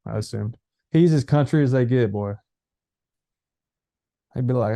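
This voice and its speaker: A man in his thirties co-hosts a casual sports podcast. His voice is dark and mellow. He tells stories in an animated way, full of fillers and restarts. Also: mid-range voice, measured pace, vocal fry, pauses often, no echo, clean studio sound. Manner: animated storyteller, many fillers. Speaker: podcast co-host, former player. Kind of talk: casual chat.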